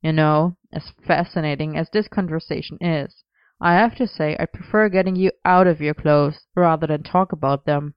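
A woman's voice: sits low, steady tone, moderate pace, clean tone, dry recording, muffled recording, lightly acted. Woman doing a smug, mocking young man.

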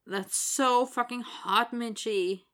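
Bright, excitable young barista, breathless exclamations, as a woman reads the part. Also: fairly high pitch, normal speed, voice pushed up. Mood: excited.

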